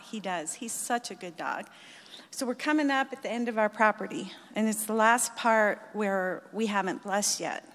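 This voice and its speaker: A woman's voice: medium pitch, in a large hall. A woman earnestly sharing an emotional church testimony. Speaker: guest giving testimony.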